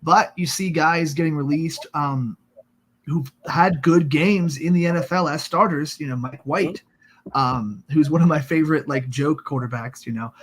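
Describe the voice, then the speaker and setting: A man's voice: on the high side, normal speed, a little hiss or hum. A man co-hosting a sports podcast, joking and rambling in casual chat with lots of fillers. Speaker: podcast co-host.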